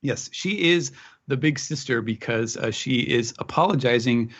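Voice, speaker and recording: A man's voice: mid-range voice, lively intonation, normal speed. A man co-hosting a podcast, casually recapping a chapter in a rambling way full of filler words. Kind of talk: casual chat. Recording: slightly muffled lo-fi audio.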